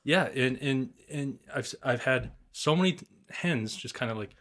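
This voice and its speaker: Speaking at normal speed in a middle-pitched voice, a young guest turkey hunter meanders easily through podcast stories. His laid-back tales include the odd curse word and imitations of turkey calls.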